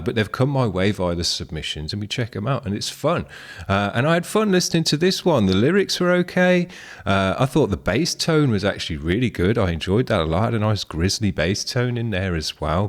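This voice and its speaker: A man hosting a music review show, giving casual spoken commentary in a rambling, easygoing and frank way. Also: on the low side.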